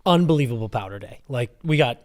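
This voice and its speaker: A young man co-hosting a podcast, telling a story in an animated, casual way and swearing freely. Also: medium pitch, fast talker. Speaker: podcast co-host. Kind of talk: casual chat.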